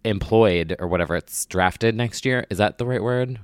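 A man's voice: lowish voice, normal speed, smooth, no room sound, studio quality. Groggy, campy young man chatting. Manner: campy, gossipy, lots of likes. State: groggy, hungover. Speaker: podcast co-host. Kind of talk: casual chat.

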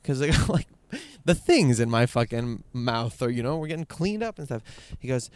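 A man's voice: on the high side, expressive, normal speed, clear, resonant tone. Rambling, profane man telling a story. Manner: rambling, profane, full of fillers and restarts. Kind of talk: candid personal storytelling.

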